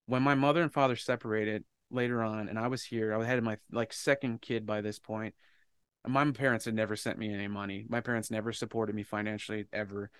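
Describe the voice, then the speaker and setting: A man's voice: on the low side, fairly quick, clean tone. A man telling a personal story in casual podcast chat, swearing freely and acting out the people in it. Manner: profane, animated storyteller. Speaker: podcast co-host.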